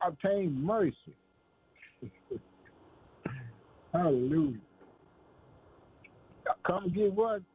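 A man's voice: fairly high pitch, breathy edge. A man preaching a sermon with fervent, call-out phrasing and frequent laughs. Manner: fervent, calls "boy" and "man", laughs between lines. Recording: tinny phone-like radio sound.

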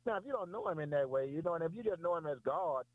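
A man preaches in a folksy, repetitive way, calling on a listener by name. His voice sits a little high. The sound is dry, close and tinny, like a phone line. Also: lively intonation, fast talker, no room sound. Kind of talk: sermon.

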